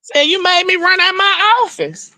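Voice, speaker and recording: A woman's voice: very high-pitched, moderate pace, pushed and bright. A woman hosting a livestream, talking casual gossip commentary from her home office. She is brash and profane, calls her viewers honey and baby, and breaks into laughter. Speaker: livestream host.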